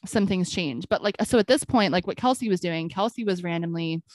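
A woman's voice: lowish voice, a little fast, no room sound. A woman co-hosting a podcast, telling a story in casual chat and acting out the back-and-forth of a conversation. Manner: animated storytelling, acting out quoted exchanges with frequent "I'm like". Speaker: podcast co-host.

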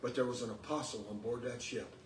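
A man's voice: medium pitch, fairly even intonation, a little fast. A man preaching a sermon with call and response, emphatic and building up to exclamations. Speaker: preacher and podcast host. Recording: echoey room, distant mic, faint noise.

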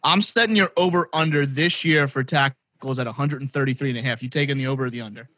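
Fast-talking bright man bantering. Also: medium pitch, no echo. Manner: playful, quick banter. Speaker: podcast co-host. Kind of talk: casual interview chat.

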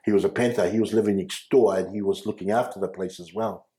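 A man, recounting his life as an interview guest, halting with restarts and frequent chuckles. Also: fairly low pitch, steady tone, warm tone. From New Zealand. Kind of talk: personal storytelling. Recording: echoey room.

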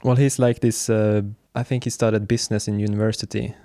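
A man's voice: fairly low pitch, brisk, no echo, studio quality. Casual, hesitant young-sounding man chatting. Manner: relaxed, hesitant, many fillers and restarts. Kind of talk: casual chat about books.

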